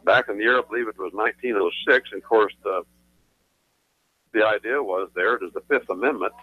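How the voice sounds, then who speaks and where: A man's voice: lowish voice, brisk. A man, an attorney guest on a radio talk show, explaining his views in an emphatic, lecturing way and repeating phrases for stress. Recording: tinny phone line, dry.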